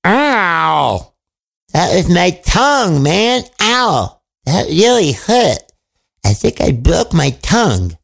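A man plays a greedy fairy-tale king who wails and yelps over his troubles. The voice leaps high and swoops about with a gravelly crackle. It's broad, melodramatic storybook acting. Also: sing-song, normal speed. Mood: yelping pain. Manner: wailing, yelping in pain, dramatic. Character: greedy king in pain and despair, adult man.

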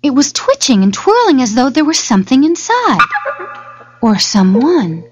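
A woman narrating a fairy tale in a dramatic, expressive storybook style. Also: sits high, normal speed. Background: loud music.

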